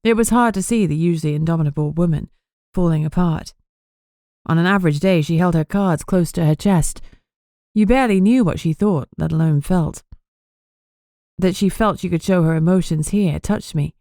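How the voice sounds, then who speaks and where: Low-pitched female narrator, measured first-person audiobook read, dry studio. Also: dry recording. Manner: even, measured storytelling.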